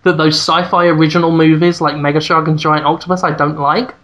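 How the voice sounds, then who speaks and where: A man's voice: a little high, level tone, fairly quick, a bit bright, dull audio. A man co-hosting a podcast, talking earnestly and rambling a little with restarts in casual chat. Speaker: podcast co-host.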